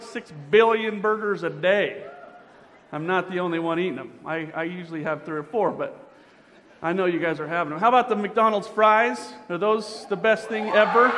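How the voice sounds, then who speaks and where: A man emceeing a pageant, joking playfully and quizzing the audience as he warms up the crowd. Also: high voice. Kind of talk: crowd warm-up banter. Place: large indoor auditorium. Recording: reverberant hall with crowd noise.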